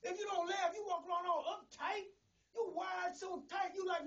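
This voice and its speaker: A middle-aged pastor preaching a sermon in a folksy, storytelling way, often repeating words. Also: male voice, very high-pitched, little pitch movement, normal speed, fairly bright tone, recorded from a distance, muffled recording. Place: church.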